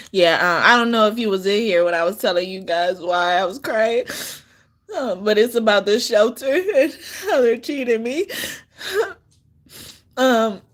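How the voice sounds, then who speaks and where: A woman's voice: medium pitch, slow, long pauses. A woman giving a live-stream tarot reading, talking in a loose, rambling way with many restarts and laughing between sentences. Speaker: tarot card reader.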